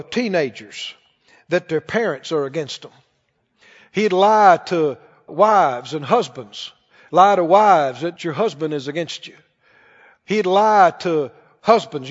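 A man with a notably high voice preaches to his congregation, asking them questions as he goes. The sound is muffled and lo-fi, with a long reverb trailing off through a large church hall. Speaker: pastor. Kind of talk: sermon. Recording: dull reverberant church recording.

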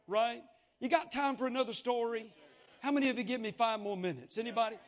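Preacher, male, high voice, folksy storyteller, muffled lo-fi recording. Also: fast. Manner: folksy, animated testimony with acted-out dialogue. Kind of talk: sermon storytelling. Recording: dull lo-fi sound.

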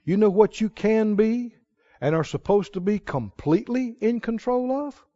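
Brief: male preacher, strikingly high voice, emphatic and repetitive sermon delivery, dull lo-fi recording. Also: animated, normal speed, mellow. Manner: emphatic, repetitive, rising to exclamations.

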